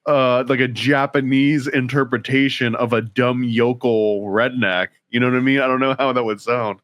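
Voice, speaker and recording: A man's voice: mid-range voice, steady tone, moderate pace, a bit bright, no echo. A man co-hosting a podcast, joking wryly and retelling a plot in casual chat. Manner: wry, joking, retells plots. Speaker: podcast co-host.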